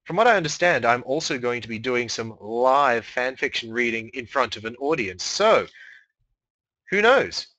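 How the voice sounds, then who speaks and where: A man's voice: mid-range voice, animated, moderate pace, pushed and bright, no room sound. A man hosting a comedy radio show, rambling playfully through the sign-off.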